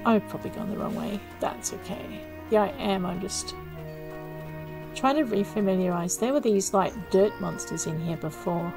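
A woman's voice: mid-range voice, moderate pace, gravelly, over music, low-quality recording. Chatty woman narrating her gameplay. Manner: chatty, self-mocking, thinking aloud. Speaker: let's play gamer. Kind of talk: casual gameplay commentary.

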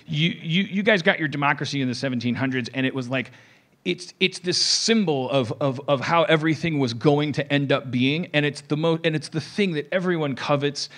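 A man's voice: on the high side, brisk, a bit bright. Rambling, swearing male podcast host. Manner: rambling, restarts often, swears, acts out quotes. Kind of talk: rambling comedic podcast talk.

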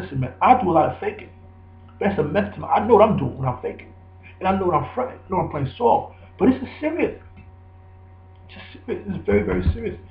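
A man's voice: high voice, vocal fry. Man, preachy repetitive monologue, roomy echo, muffled lo-fi sound. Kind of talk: rambling spoken monologue. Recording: echoey, dull lo-fi recording.

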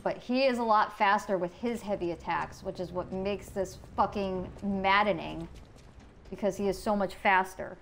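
A woman's voice: mid-range voice, normal speed, slight background noise, rough recording. Frustrated swearing woman game streamer. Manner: frustrated, swears a lot, talks to chat. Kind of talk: casual live gameplay commentary.

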